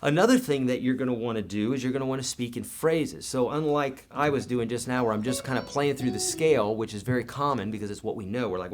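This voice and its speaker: A man's voice: mid-range voice, fast, few pauses. A man teaching guitar in a live online lesson, talking casually and encouragingly with everyday comparisons.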